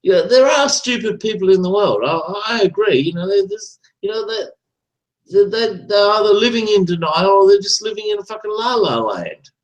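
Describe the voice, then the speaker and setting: A man's voice: high-pitched, animated, moderate pace, dull audio. A man calling in to an online talk show, ranting and swearing, tagging "right?" onto his points. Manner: ranting, profane, repeats "right?". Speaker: caller. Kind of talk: casual chat.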